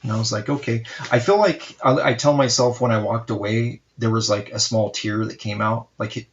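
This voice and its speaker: A man in his forties, a comic artist hosting a live art stream, telling animated, profane stories in casual chat. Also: lowish voice, a little fast, muffled recording.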